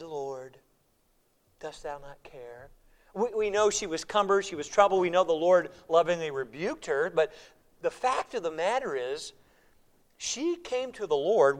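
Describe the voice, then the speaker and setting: A male preacher delivering a sermon and acting out voices in the quotes he tells. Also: sits high. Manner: animated, acts out voices in quotes.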